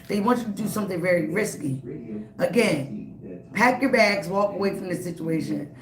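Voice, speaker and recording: A woman giving a live-streamed tarot reading. She talks emphatically and repeats herself, speaking straight to the viewer. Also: medium pitch. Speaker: tarot reader. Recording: roomy, noisy background.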